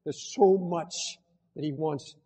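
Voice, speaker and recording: A man's voice: fairly high pitch, takes it slowly, in a large hall. Older man preaching a fiery sermon. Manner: impassioned preaching, swinging from shouts to hushed pleading. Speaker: pastor.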